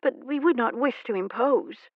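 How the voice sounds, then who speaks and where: Woman doing a young debutante, coy, dramatic, raised pitch, dry dull audiobook sound. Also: normal speed, dry recording, lightly acted.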